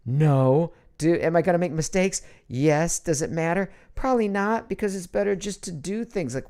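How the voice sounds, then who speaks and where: A middle-aged man hosting a casual live online show from a home studio, joking and slipping into mock outrage. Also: fairly high pitch. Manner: animated, jokey, swings into mock outrage. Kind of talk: casual livestream chat.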